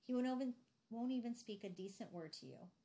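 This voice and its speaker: A woman's voice: a little high, expressive, a little fast, warm tone. Woman reading as a weary, scolding mother. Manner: scolding, exasperated. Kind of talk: audiobook reading.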